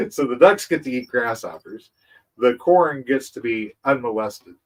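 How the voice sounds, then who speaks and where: A man's voice: mid-range voice, expressive, moderate pace, recorded from a distance, poor audio. A man hosting a farming channel, explaining his methods in a rambling casual way, repeating words and chuckling. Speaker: agroforestry channel host.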